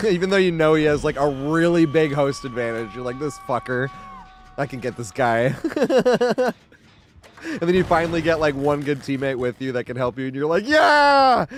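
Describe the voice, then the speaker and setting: A man in his thirties streaming a game live from home, chatting casually in a rambling way, laughing often and swearing freely. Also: medium pitch.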